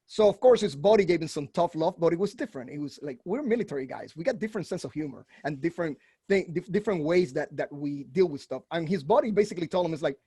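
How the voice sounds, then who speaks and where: A man hosting a veterans' podcast, telling stories in an animated, casual way and acting out the quotes. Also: a little high, brisk, husky, no echo, studio quality. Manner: animated storyteller, acts out quotes. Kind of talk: casual conversation, storytelling.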